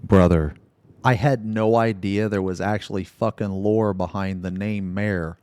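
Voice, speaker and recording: Brief: American male interviewer, low, dry, swears a lot, reacts loudly. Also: measured pace, smooth, no echo. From United States. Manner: profane, excitable, swears often. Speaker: interviewer, host. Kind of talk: casual video-call interview.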